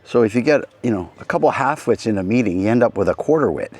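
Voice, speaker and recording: A man's voice: mid-range voice, expressive, fast talker, a little mellow. A middle-aged man hosting a casual rambling monologue, telling anecdotes with frequent restarts and asides. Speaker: host.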